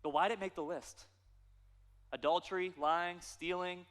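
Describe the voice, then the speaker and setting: A man, a pastor preaching a sermon with animated, playful storytelling. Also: high-pitched, moderate pace, big-room sound.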